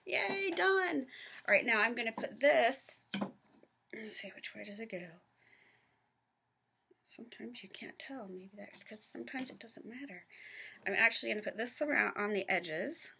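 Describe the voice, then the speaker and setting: A woman's voice: on the high side, moderate pace, vocal fry, pauses often, bright, forceful tone, slight background noise. A woman from the American South giving a chatty, casual craft tutorial in her home office, narrating each step with self-deprecating asides. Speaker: craft vlogger.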